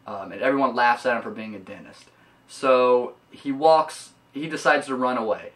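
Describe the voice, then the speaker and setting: A man's voice: mid-range voice, normal speed, a bit bright. Rambling young man recapping a movie. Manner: rambling, loose, swears casually. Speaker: movie reviewer. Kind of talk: casual plot recap. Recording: voice a bit far from mic.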